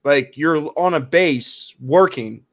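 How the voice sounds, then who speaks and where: Insistent man, slightly high voice. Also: slow pace. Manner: insistent, repeats words, says "like" a lot. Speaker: podcast panelist. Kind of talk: casual debate.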